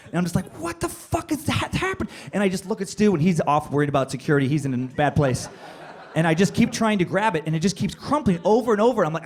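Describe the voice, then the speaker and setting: A fairly high-voiced man on stage doing stand-up comedy, spinning a long, profane anecdote. He rambles with fillers and jumps into high, yelling bursts as he acts out what happened. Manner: animated, bursts into high-pitched yelling when acting out moments. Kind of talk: stand-up storytelling. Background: audience laughter.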